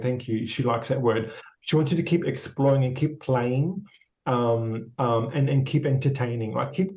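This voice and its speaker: A man's voice: mid-range voice, warm tone. An Australian man, a psychic medium, giving a casual, rambling and encouraging reading full of repetitions and fillers. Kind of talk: casual spirit reading with a guest. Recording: slightly dull lo-fi sound.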